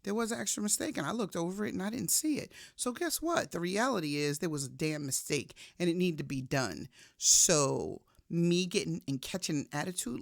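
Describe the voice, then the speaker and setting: A woman giving a faith-based motivational talk in a casual, conversational way, shifting from soft reflection to emphatic storytelling. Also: on the low side, gravelly, no echo, clean studio sound. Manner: casual, conversational, addresses listener directly. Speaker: motivational speaker.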